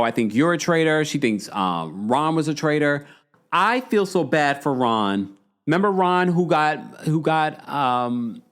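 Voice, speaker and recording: A man hosting a live talk show, chatting in a casual, animated way and reading out comments from viewers. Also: fairly high pitch. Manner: animated, acts out quoted lines in shifting voices. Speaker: podcast host recapping reality TV.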